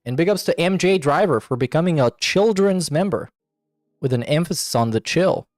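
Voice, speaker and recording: Sarcastic streamer man, lively voice. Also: a little high, moderate pace, no room sound, studio quality. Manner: mocking, sarcastic running commentary. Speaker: streamer reacting to a video. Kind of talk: casual live-stream commentary.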